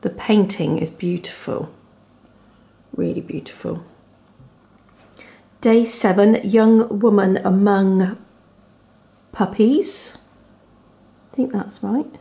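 A woman in her thirties with a Devon accent, chatting casually at home as a knitting vlogger, gushing softly over her yarn. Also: medium pitch, slow, gravelly, long pauses. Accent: Devon English. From England. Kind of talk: casual chat to camera. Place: home, indoors.

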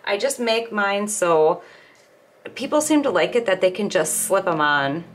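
Speaking a little slowly at a medium pitch, a middle-aged woman demonstrates crochet at home in a casual, stepwise way. She's relaxed and talkative as she works, and there's a little hiss or hum on the recording.

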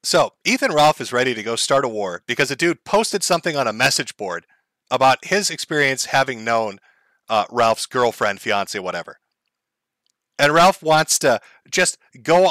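A man's voice: mid-range voice, sing-song, normal speed, pushed and bright, no room sound. A man hosting a comedic commentary show, mocking and profane, often laughing at his own jokes. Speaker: commentary host.

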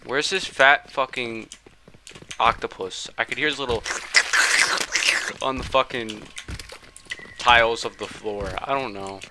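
A man's voice: mid-range voice, a little slow, long pauses, very noisy. A man doing profane, slang-heavy let's play commentary, mocking the monster and yelping when startled. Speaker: gaming channel host.

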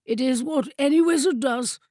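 A woman's voice: sits high, normal speed, a little mellow, no echo, studio quality, voice pushed up. A woman doing a pompous rival wizard. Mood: lofty. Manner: lofty, pompous. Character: lofty rival wizard man, self-important.

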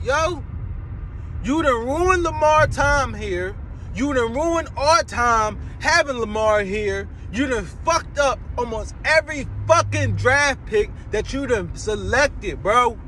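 A man rants in a strikingly high voice, profane and worked up. He repeats himself as he vents to his followers. Faint traffic hum sits behind him outdoors. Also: expressive, slow pace, sharp tone. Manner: profane, heated, repetitive. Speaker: fan vlogger. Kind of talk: angry fan rant.

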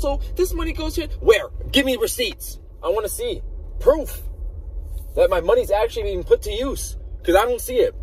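A man chats and rants from the driver's seat, his voice swinging from mutters to loud outbursts. He talks into a phone he holds in one hand. Faint traffic hums outside the car. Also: a little high, far from the mic, poor audio. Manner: animated ranting, sometimes loud outbursts. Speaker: vlogger. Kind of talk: casual car vlog chat. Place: inside a car at a drive-thru. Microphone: phone held in hand.

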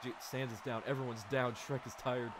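A young man hosting a live stream, calling the action in a loud, excitable way and laughing often. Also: medium pitch, normal speed, background noise. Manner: yells and laughs at big moves, then mumbles when fixing slides. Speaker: stream host and commentator.

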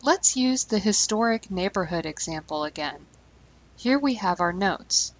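Woman teaching slowly and clearly. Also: mid-range voice, expressive, rough recording. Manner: clear and deliberate, slowing down on key terms. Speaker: language teacher. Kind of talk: scripted instructional narration.

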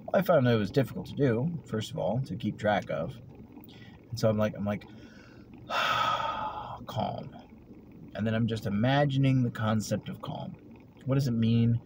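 A man talking through a rambling, reflective personal vlog, often trailing off into soft murmurs. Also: mid-range voice, a little fast, background noise. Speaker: vlogger. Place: at work, vehicle sounds around.

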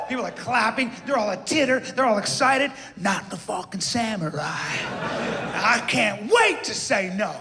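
A man telling a stand-up story in a cocky, self-mocking way, with animated voices for the people in it. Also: high voice, moderate pace, in a large hall. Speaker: stand-up comedian.

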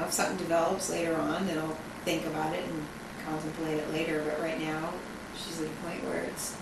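A young woman in casual, frank conversation with a friend, talking freely with lots of fillers. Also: on the low side. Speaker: friend being filmed. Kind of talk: casual chat. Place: outdoors hangout spot. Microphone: camcorder mic from a distance. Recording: echoey, distant, noisy home video.

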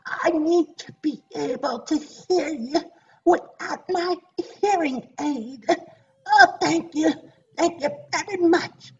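A man's voice: slow pace, distant mic, muffled recording, exaggerated voice. A man putting on a frail, hard-of-hearing old person. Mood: pleading. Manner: soft, high and strained, asking to be spoken up to.

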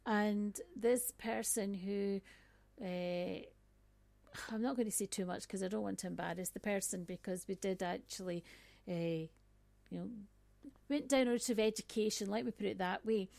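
Woman speaker, low-key gravelly storyteller, chatty with lots of asides, dry recording. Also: moderate pace, a little mellow, dry recording. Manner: conversational, frequent "right?" and "um" asides. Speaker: speaker on workplace bias. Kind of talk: personal storytelling talk.

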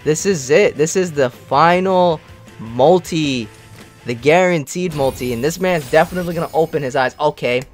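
A young man giving casual, slangy commentary while playing a mobile game, excitable and grumbling at his bad luck. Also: fairly high pitch, moderate pace, soft background music.

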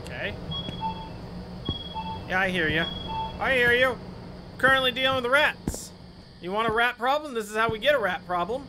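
A man playing a horror game and commentating, joking and teasing with sudden shouts and laughs. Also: very high-pitched, expressive, moderate pace, long pauses, noisy background. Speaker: gaming streamer.

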